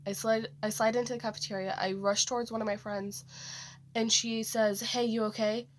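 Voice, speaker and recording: A woman's voice: on the high side, level tone, normal speed, a little hiss or hum. A teenage girl casually telling a story about a dream, rambling, with many fillers and restarts. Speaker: vlogger.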